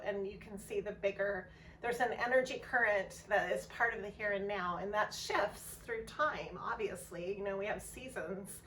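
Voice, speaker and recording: A rambling, soft-hearted woman talks through a tarot reading in a casual vlog, filling her pauses with ums. Her voice sits a little away from the mic, with a faint hiss of background noise. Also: medium pitch, distant mic, rough recording. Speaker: tarot reader.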